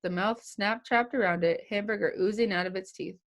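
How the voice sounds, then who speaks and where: A young woman reads a children's chapter book aloud, with a light vocal fry running through her words. She changes her voice for each character as she goes, keeping the kids listening. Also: mid-range voice, a little fast. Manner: lively, puts on voices for the characters. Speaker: childcare staff reading aloud.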